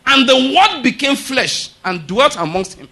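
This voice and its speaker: A middle-aged pastor preaching with a high, bright voice. He talks in an emphatic way, often stopping to ask the congregation if they follow him. He repeats his points firmly. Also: sing-song, measured pace. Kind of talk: sermon.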